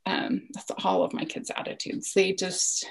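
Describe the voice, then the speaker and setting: A woman's voice: on the low side, sing-song, a little slow, creaky, breathy edge, poor audio. A woman in her forties, a podcast guest, telling a personal story in an earnest, reflective way that sometimes sinks to a near-whisper.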